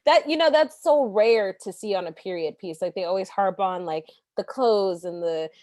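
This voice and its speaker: A woman's voice: medium pitch, normal speed, a little mellow, no echo, studio quality. A woman on a panel chatting enthusiastically, laughing often and mimicking characters. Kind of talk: casual video-call discussion.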